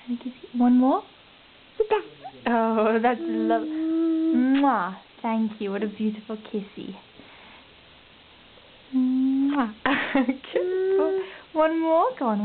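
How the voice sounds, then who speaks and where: A woman filming her toddler at home, coaxing him in a sing-song voice and praising him over and over. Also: fairly high pitch. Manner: sing-song, praising, doting baby talk. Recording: tinny lo-fi home video with faint hiss.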